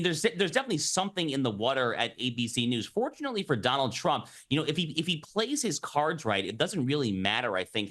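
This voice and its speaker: A man speaking as a guest commentator in a live news interview, making his case in a rapid, emphatic, argumentative way. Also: medium pitch, a bit bright.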